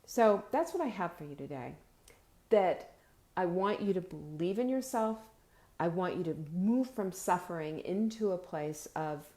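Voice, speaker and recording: A woman gives an emphatic, motivational live-stream talk and speaks straight to her viewers. She stretches out her key words and often repeats a word before she carries on. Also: lowish voice. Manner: addresses viewers warmly and directly, reads their comments aloud. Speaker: host of a live video show.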